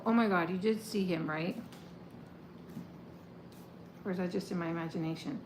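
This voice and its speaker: A woman reading tarot cards to her viewers in a casual, chatty way, getting excited and swearing now and then while she shuffles. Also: fairly low pitch, measured pace, long pauses. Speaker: tarot reader. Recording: echoey room with faint ambient noise.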